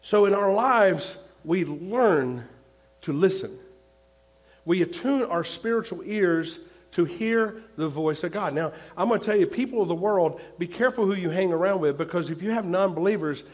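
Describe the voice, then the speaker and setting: A male pastor preaching a sermon, repeating his points and swinging between loud and hushed. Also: high-pitched, animated, normal speed.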